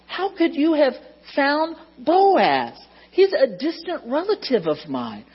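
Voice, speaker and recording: A children's teacher voicing an astonished older woman relative, raising the voice high and drawing the words out in an excited, storybook manner. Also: exaggerated voice. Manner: excited, raised and drawn-out. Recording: dull lo-fi sound.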